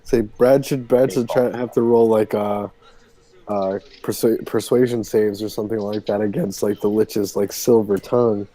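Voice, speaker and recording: A man's voice: lowish voice, steady tone, moderate pace, dark tone, low-quality recording. A man playing a tabletop game who throws in playful quips and theatrical asides. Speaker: player. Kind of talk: casual tabletop play.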